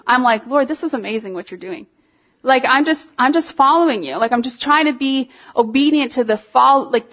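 High-pitched woman worship leader telling a story. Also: dull audio. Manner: animated storytelling with laughs and rising emotion. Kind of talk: sermon-style testimony to a congregation.

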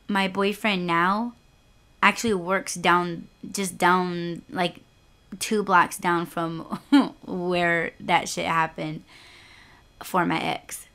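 A woman's voice: lowish voice, fairly bright tone, clear, resonant tone. A young woman hosting her own podcast, telling a personal story in a casual, chatty way, swearing freely and leaning hard on "like" and "you know". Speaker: podcast host.

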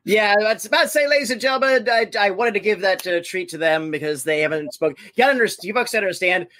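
A man hosting a show speaks to his viewers in a brisk, chatty way. His voice is high and bright, and he is heard from some distance off the mic. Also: dry recording, clean studio sound. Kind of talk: addressing an audience.

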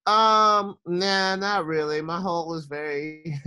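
A man's voice: high-pitched, fairly even intonation, takes it slowly, sharp tone, clean tone. A man being interviewed as a guest author, talking brashly and campily with plenty of swearing. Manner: brash, profane, campy. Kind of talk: casual chat.

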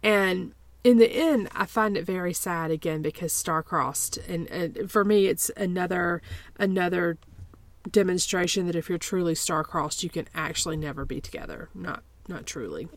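A woman's voice: lowish voice, normal speed, dry recording. A woman co-hosting a podcast in casual chat, often hesitant and repeating her words as she thinks aloud. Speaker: podcast co-host.

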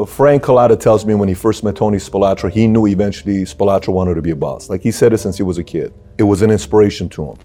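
Deep-voiced man asking rambling questions. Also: warm tone. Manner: probing, asks long rambling questions. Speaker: interviewer. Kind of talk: casual interview questions.

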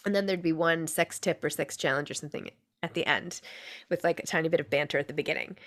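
A woman's voice: sits low, fast, a bit bright. A middle-aged woman guest on a podcast, telling a story in a chatty, self-deprecating way and giggling often. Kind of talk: casual interview chat.

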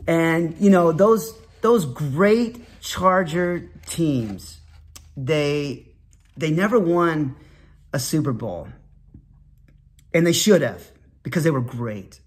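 A man telling a nostalgic childhood story in a rambling way, with many restarts and bursts into loud sportscaster shouts. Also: fairly high pitch, lively intonation, takes it slowly, pauses often.

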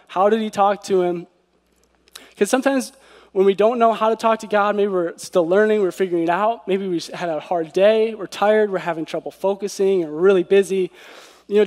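A preacher with a high, somewhat dark-toned voice gives an earnest devotional sermon, frequently posing rhetorical questions to his listeners. A long, lingering hall reverb surrounds his words.

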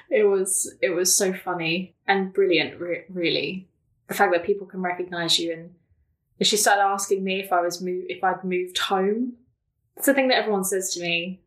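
A young woman telling stories in casual chat as a podcast guest, laughing often and full of fillers. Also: lowish voice. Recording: roomy echo.

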